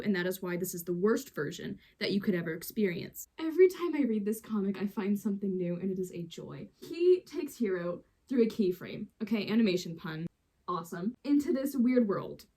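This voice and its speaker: A woman gushing through a casual comic recap, full of slang and quick asides. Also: mid-range voice, dark tone, slightly rough. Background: game soundtrack music.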